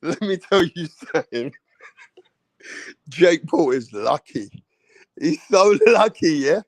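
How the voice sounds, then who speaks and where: A young man talks through a boxing fight in loose, excitable, slang-heavy commentary. His voice sits high and his pace is unhurried. The recording is dry and close. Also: no echo. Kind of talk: casual reaction commentary.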